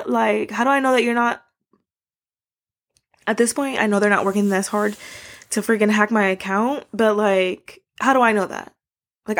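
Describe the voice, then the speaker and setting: A young woman hosting a podcast, chatting casually to listeners and ranting animatedly with slang. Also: medium pitch. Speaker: podcast host.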